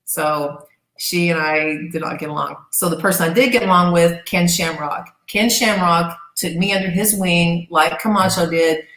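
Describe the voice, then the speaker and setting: A middle-aged woman, an interview guest, telling casual stories in a lively, profane way and acting out what people said. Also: lowish voice, normal speed. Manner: animated, profane storyteller who acts out quoted voices. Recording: echoey room.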